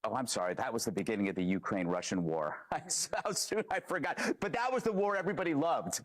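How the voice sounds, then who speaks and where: A man's voice: medium pitch, expressive, fast. A man giving emphatic, sarcastic opinion commentary on politics.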